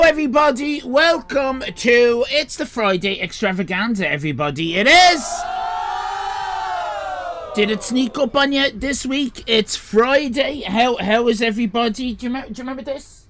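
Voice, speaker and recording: An Irish man in his fifties hosting a comic livestream, rambling crudely with sudden shouted bursts. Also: extremely high pitch, expressive, moderate pace, hardly any pauses, some chatter behind. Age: 50s. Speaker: comedy livestream host. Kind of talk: improvised comic monologue.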